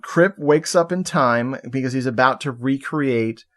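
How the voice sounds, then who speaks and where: A man with a mid-range voice chats through a film recap on a podcast. He speaks from a video call, loose and amused, tossing in quick quoted lines. His delivery is casual and full of little laughs. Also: medium pitch. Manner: relaxed, laughing, retelling scenes with quick put-on quotes. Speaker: podcast co-host. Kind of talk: casual movie recap chat.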